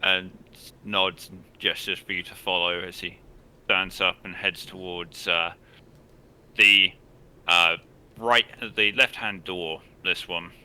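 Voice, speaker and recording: A man narrating as game master of a tabletop game, describing actions in plain, halting phrases. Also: deep voice, fairly even intonation, pushed and bright, clean tone.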